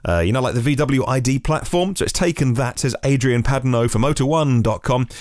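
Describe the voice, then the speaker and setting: A man hosts a daily news podcast, moving through stories with a lively, wide-ranging pitch. He adds chatty asides as he reads. The sound is dry and close, with no room echo. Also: a little fast. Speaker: podcast host.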